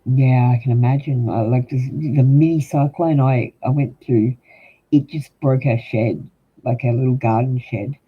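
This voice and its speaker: Husky older Australian man, tinny audio. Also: mid-range voice, fairly even intonation, measured pace. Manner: rambling, chatty, frequent ums, talks straight to chat. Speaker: livestream tarot reader. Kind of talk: casual livestream chat with viewers.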